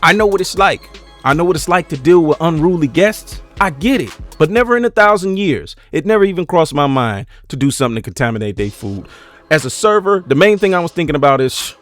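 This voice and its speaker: A man's voice: on the high side, sing-song, brisk, a bit bright, faint music behind. A man hosting his own commentary channel, ranting bluntly and profanely in an unscripted, heated way.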